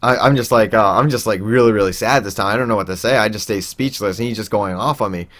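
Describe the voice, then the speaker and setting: A man's voice: on the low side, fast, fairly bright tone. A young man telling a personal story in a casual, rambling way, with lots of fillers and restarts. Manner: acts out quoted people in raised voices.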